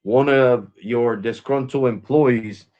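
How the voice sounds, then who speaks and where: An American man hosts a live stream, talking in a loose, exasperated, rambling way and circling back over his own points. His voice sits at an ordinary middle pitch. The sound is a little dull and lo-fi. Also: slow. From United States. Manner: exasperated, rambling, repeats himself. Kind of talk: casual live stream talk.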